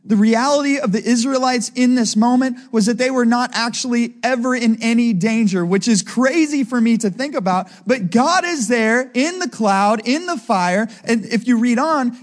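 Man, high voice, chatty preacher who keeps asking "right?" to check in with the congregation. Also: lively intonation, normal speed, hardly any pauses. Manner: conversational preaching, asks the crowd "right?" often. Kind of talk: sermon.

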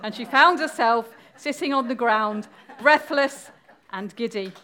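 A woman's voice: fairly high pitch, measured pace, background noise. A woman speaking at a church service, telling a story in a friendly way and inviting the audience to join in.

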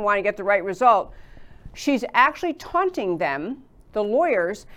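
A woman's voice: on the high side, fairly bright tone. Rambling woman talk host. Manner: rambling, with many fillers and restarts. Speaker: show host. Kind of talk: political talk commentary.

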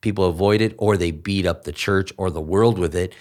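A man who is a pastor, talking through a podcast conversation in an emphatic way and jumping up in pitch when he quotes people. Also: brisk. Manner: emphatic, animated when quoting others.

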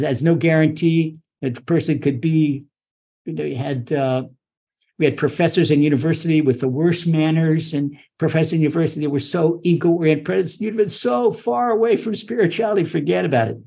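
A man with a somewhat high, husky voice teaches a religious lesson. He speaks with passion and energy, and he often repeats words and starts his sentences over. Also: a little fast. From Israel. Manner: impassioned, animated, repeats words and restarts. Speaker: rabbi teaching Torah.

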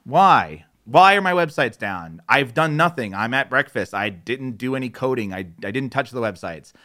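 A man's voice: medium pitch, animated, normal speed, pushed and bright. Man ranting casually through a web tutorial. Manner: candid, exasperated, acts out quoted voices. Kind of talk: casual explainer with rants. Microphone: isolated studio microphone.

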